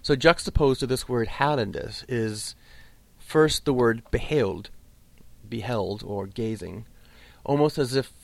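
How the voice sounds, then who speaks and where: A man teaching a lesson on Old English poetry, explaining patiently and slowing right down to recite the verse. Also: mid-range voice, vocal fry, no room sound. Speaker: literature teacher.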